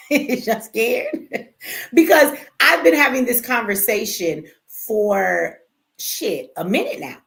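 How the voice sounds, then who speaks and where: An American woman hosts a livestream, chatting casually with her viewers in a brash, profane, teasing way and laughing often. Her voice is a little high and fairly bright, with lively intonation, vocal fry, and a slow pace.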